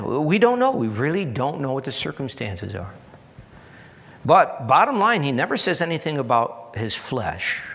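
A man preaching a sermon in an earnest, repetitive style, building to emphatic peaks and dropping to soft asides. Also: medium pitch, big-room sound. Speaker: pastor.

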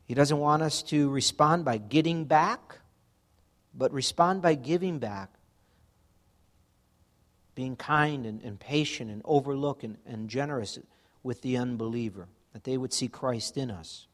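A man's voice: medium pitch, measured pace. A man preaching a sermon in a conversational way, acting out everyday examples. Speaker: pastor.

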